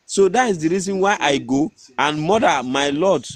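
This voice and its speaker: Speaking in pidgin-tinged English with a Nigerian accent, this man relates a story in a casual, earnest, hesitant way and frequently starts his sentences over. His animated voice sits on the high side and moves at a normal speed.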